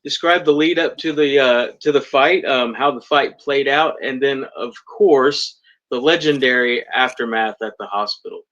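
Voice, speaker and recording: Man, podcast host, friendly, laughs a lot, medium pitch, dull lo-fi sound. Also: moderate pace, a bit bright. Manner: friendly, laughs often, easygoing. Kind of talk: casual interview questions.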